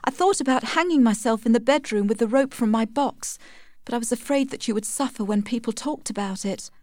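Meek young wife, soft and pleading, read by a woman, raised a little above her narrating pitch, dry sound. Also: fairly quick, no echo, lightly acted. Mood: despairing. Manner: soft, humble.

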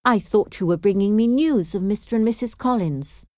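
A woman's voice: medium pitch, normal speed, mellow, dry recording, studio quality, pitched above the performer's own voice, close to an everyday voice. A woman reading aloud voices a spirited young woman who speaks earnestly and firmly. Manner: firm, earnest.

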